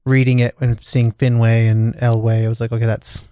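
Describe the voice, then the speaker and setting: Smooth, flat-voiced man co-hosting. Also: mid-range voice, normal speed, dry recording, clean studio sound. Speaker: podcast co-host. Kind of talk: casual podcast discussion.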